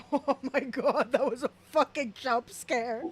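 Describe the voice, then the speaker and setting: A woman's voice: high voice, husky. A woman giving casual reaction commentary on clips, blunt and mocking, swearing heavily. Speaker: commentary streamer.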